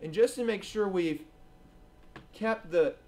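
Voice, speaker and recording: A man preaching a sermon as pastor at a church service, earnest and swinging between emphatic and hushed delivery. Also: high voice, slow pace.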